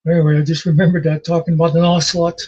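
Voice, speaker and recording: A man in his sixties with a husky voice, chatting casually as a host and telling rambling jokes and memories. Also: a little high, little pitch movement, very fast, mellow. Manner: rambling storyteller, laughs at his own jokes. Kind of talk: casual chat. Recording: dull lo-fi recording.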